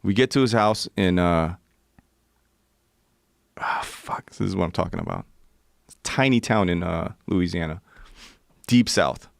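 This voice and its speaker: A man's voice: low-pitched, moderate pace, gravelly, no room sound, studio quality. A man in his forties telling a profane, vivid story as a podcast guest. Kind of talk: casual storytelling.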